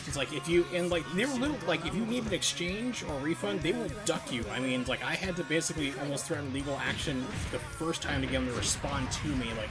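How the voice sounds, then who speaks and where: A man streaming a retro game, chatting casually in a rambling, filler-heavy way and quick to break into a rant. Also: fairly high pitch. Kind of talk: casual live-stream chat while gaming. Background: game music.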